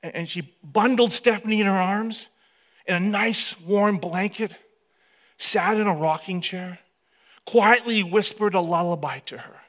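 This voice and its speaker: A man in his fifties, a pastor telling a story in a sermon, animated and dramatic, often sinking to hushed tones. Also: sits high, a little slow.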